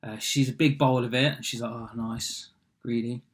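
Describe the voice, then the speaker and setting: A man's voice: mid-range voice, fairly even intonation, fairly quick. A young man casually retells a fairy tale from memory. He talks offhand, with many fillers and side remarks. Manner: rambling and offhand, full of fillers and asides. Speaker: storyteller.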